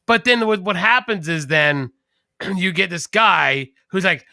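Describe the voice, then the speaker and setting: High, bright-voiced man telling rambling stories. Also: expressive, measured pace, dry recording, studio quality. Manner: rambling storyteller, restarts and throat-clearing. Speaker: podcast co-host. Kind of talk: casual chat.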